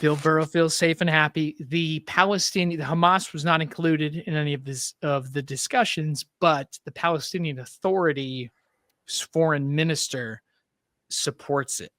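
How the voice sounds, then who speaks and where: Male podcast host, casual political chat, loose and wry, slightly high voice. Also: fairly even intonation, moderate pace, a bit bright, no echo, studio quality. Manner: loose, filler-heavy, wry.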